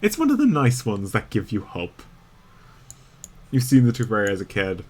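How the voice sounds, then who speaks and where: A man's voice: on the low side, huge pitch swings, normal speed, a little mellow. A young Irish man chatting casually and rambling while he plays a game on stream, laughing often. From Ireland. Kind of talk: casual gameplay chat.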